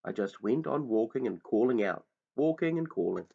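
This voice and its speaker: Male reader, dramatic hushed storytelling, lively pitch, dull lo-fi sound. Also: moderate pace, vocal fry. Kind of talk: reading a children's book aloud. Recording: dull lo-fi recording.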